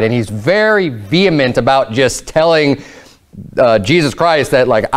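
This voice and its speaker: A male pastor preaching a sermon in a loose, conversational way, with frequent fillers and restarts, jumping higher in pitch whenever he quotes someone. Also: expressive, a little slow. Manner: raises pitch sharply when quoting Peter and Jesus.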